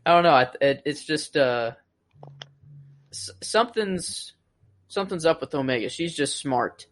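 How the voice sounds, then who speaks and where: Rambling excited young male co-host. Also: on the high side, a little slow, a little hiss or hum. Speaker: podcast co-host. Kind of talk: casual podcast chat.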